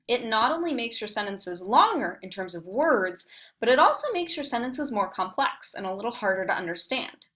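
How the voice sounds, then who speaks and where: A woman leading a recorded online writing workshop, explaining patiently and clearly with frequent fillers. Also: fairly high pitch, a bit bright. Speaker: writing center instructor.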